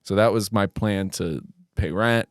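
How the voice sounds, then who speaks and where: A man's voice: on the low side, unhurried, smooth, no echo, studio quality. A young man hosting a podcast, telling a long, profane, self-mocking story in a rambling casual way. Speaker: podcast host.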